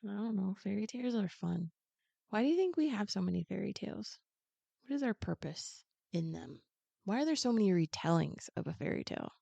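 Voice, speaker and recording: A woman retelling a children's picture book in a relaxed podcast chat, lively and expressive as she slips into the characters' lines. Her voice is mid-pitched and expressive. The sound is dry and a little dull, like a simple home setup. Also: vocal fry, husky, no room sound. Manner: animated, acts out characters' lines in quick asides. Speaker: guest.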